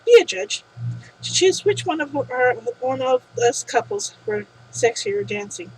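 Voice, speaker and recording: A woman's voice: sits high, big pitch swings, a little slow, a little mellow, husky, full character voice, rough recording. A woman voicing a playful, teasing young male idol. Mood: coaxing.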